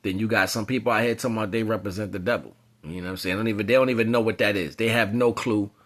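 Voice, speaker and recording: A man giving a casual spiritual monologue, talking in loose slang and rambling off into animated storytelling. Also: fairly low pitch, racing. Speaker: spiritual commentator.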